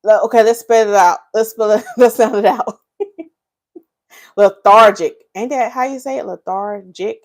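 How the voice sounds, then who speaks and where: A woman's voice: fairly high pitch, a little fast. A woman from North Carolina, hosting a casual livestream, reading viewers' comments aloud and teasing them with lots of laughter. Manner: laughs often, teasing, animated, Southern Black vernacular. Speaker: hair care livestream host.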